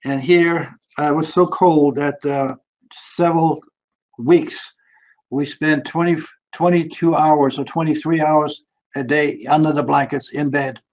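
Brief: older male preacher, earnest, repeats for emphasis, slightly high voice, muffled tape. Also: steady tone, unhurried, darkish tone. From Germany. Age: 70s. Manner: earnest storytelling with many uh fillers and emphatic repetitions. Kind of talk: sermon.

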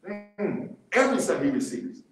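Animated high-voiced man teaching in an echoey church. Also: moderate pace, gravelly. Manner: animated, laughing often, repeating key words. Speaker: Bible study teacher. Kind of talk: church Bible study teaching. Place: church room.

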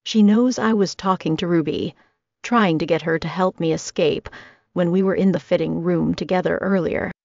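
Woman in her twenties, low gravelly voice, steady first-person audiobook read. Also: normal speed, dry recording. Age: 20s. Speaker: audiobook narrator. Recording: dry, slightly dull audio.

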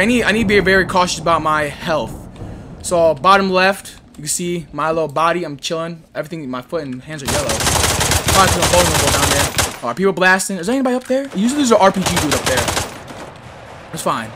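A man doing excitable, slangy gameplay commentary, muttering one moment and yelling the next. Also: sits high, background noise. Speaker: gaming YouTuber. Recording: gunfire from the game behind.

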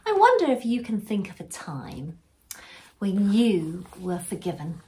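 Slow, thoughtful woman addressing children. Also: mid-range voice, huge pitch swings. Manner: gentle, questioning, thoughtful. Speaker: school assembly leader.

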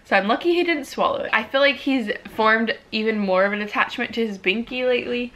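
A young woman, a mom, chatting casually in a home video about her baby, sick at the moment, and sometimes cooing to him in a high sing-song voice. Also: fairly quick, a bit bright. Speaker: mom vlogger. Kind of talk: casual baby update vlog. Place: home living room. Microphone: camera on a tripod.

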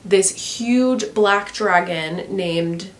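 Slow-talking woman ranting about a book. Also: medium pitch. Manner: frank and profane, heavy use of "like". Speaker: book vlogger. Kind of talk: casual book review rant.

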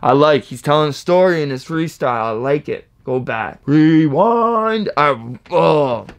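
Male reaction host, excitable and chatty, slightly high and gravelly, faint music behind. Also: normal speed. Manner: excitable, hypes bars with whoops and laughs. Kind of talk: casual reaction commentary.

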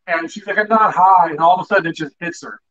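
Co-hosting a livestream, a young man with a high, fairly bright voice talks fast as he tells a crude story packed with swearing. It's casual storytelling, recorded with distant, muffled lo-fi audio.

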